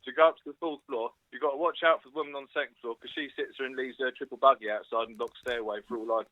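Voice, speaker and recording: A man playing a rambling, impatient caller who gives muddled directions to his flat, as a prank over a tinny phone line. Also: a little high, normal speed, no echo, close to an everyday voice. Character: rambling fast-talking man ordering food from a flat. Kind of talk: comic prank phone call.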